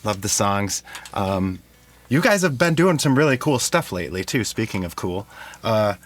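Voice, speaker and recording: A man's voice: lowish voice, sing-song. A man hosting a live lunchtime radio show in a studio, chatting casually with a band and laughing easily. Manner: easygoing, many ums and quick laughs. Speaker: radio host. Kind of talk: casual interview chat.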